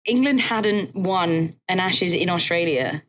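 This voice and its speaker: A chatty woman hosting a casual interview, her voice a little low. She keeps the talk moving with encouraging questions over faint background noise. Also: lively intonation, slow, fairly bright tone. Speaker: host.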